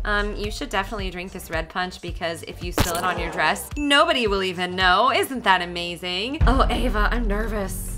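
A woman gaming as a silly character, excitable, stammering over herself and squealing up high. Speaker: gaming video host. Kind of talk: playful game commentary in character.

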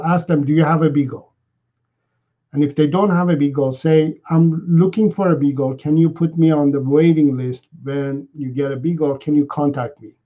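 A man's voice: fairly high pitch, dark tone, highs cut off. A man hosting a live dog-training Q&A, explaining patiently, repeating phrases and checking in with "right?".

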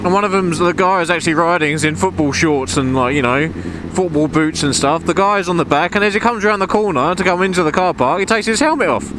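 A man, rambling and ranting casually in his own vlog outdoors by a car park. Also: fast talker. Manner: rambling, ranting, animated pitch swings. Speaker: motorcycle vlogger. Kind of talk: casual chat. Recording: loud outdoor wind and traffic noise.

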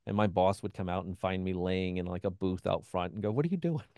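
A man's voice: deep voice, level tone, brisk, creaky, warm tone, clean tone, no room sound, studio quality. A man being interviewed as a guest, telling a personal story in a loose conversational way, often acting out what other people said and peppering his speech with "you know.". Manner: acts out quoted voices of others; frequent "you know" and restarts. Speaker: interview guest, benzodiazepine withdrawal expert.

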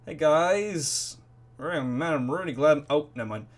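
A man giving excitable, rambling let's play commentary full of swearing and reactions to the game. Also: fairly high pitch, unhurried. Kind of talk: gaming commentary.

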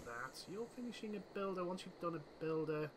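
A man's voice: sits high, animated, fairly quick, heavy background noise. A man giving casual let's-play commentary, chatting to his units and himself over game music. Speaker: gaming channel host.

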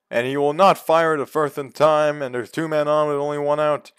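A man giving play-by-play commentary on a video game baseball league, calm between pitches and yelling on big hits. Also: moderate pace, hardly any pauses, clean tone, no echo, clean studio sound. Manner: jumps from calm calls to loud excited yells.

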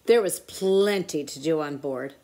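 A woman tutor reading a children's picture book aloud with expressive storytelling. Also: deep voice, unhurried, slight background noise.

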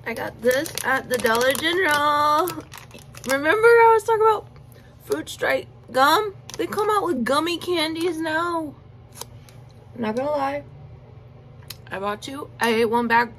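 A young woman talks slowly to her phone camera between bites, her voice sitting a bit high. She rambles, giggles and chews through a casual eating vlog, with a faint hiss of room noise behind her. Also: fairly bright tone, low-quality recording. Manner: chatty, giggly, talks while chewing with mouth full. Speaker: mukbang vlogger.

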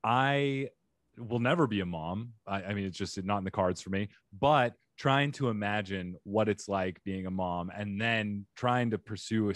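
A man hosting a podcast interview, supportive and quick with short encouraging replies. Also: on the low side, no room sound, studio quality. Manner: supportive, frequent short backchannels. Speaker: podcast host. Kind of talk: casual interview.

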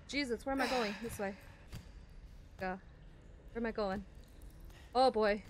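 A woman's voice: on the high side, measured pace, long pauses, music in the background. A woman gaming streamer giving jumpy, easily scared let's play commentary with constant exclamations.

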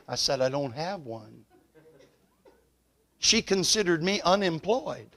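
A man preaching a revival sermon in a church. He tells a story and swells loud and high at the climaxes, then drops soft at the closes. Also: very animated, measured pace, pauses often. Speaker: evangelist preacher. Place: church sanctuary.

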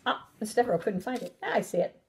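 A woman teaching a recorded phonics lesson to young children, sounding out letters slowly and praising them warmly. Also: fairly high pitch. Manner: encouraging, sing-song, sounds out letters slowly. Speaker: preschool teacher.

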